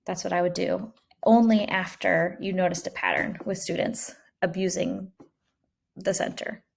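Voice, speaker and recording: Female teacher, middle-aged, gravelly edge, reassuring how-to delivery. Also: fairly low pitch, fairly even intonation, unhurried, a little hiss or hum. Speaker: kindergarten teacher. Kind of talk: casual teaching advice.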